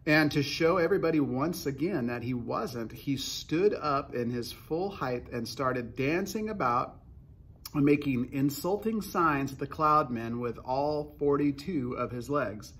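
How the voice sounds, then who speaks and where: A man reads a children's book aloud in an unhurried narration with the odd restart. His voice is husky and sits at an average pitch for a man. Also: a bit bright.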